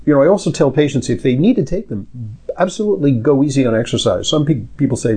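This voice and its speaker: A man's voice: medium pitch, animated, fast talker, mellow, breathy edge. A middle-aged man, a doctor hosting a medical Q&A podcast, talking in a rambling, anecdotal way with lots of fillers.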